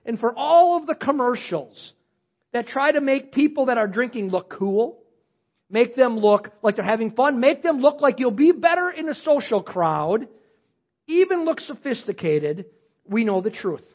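A middle-aged male pastor in full sermon mode, with a husky, slightly breathy voice, rising into loud questions and dropping into soft confessional asides. The recording is a bit dull and lo-fi. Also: extremely high pitch, normal speed. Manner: animated preaching, swings from loud emphasis to quiet asides.

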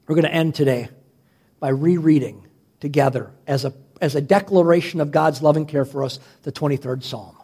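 High-voiced impassioned male pastor preaching. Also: brisk, breathy edge. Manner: impassioned preaching that drops to soft prayerful reading. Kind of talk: sermon. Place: church sanctuary.

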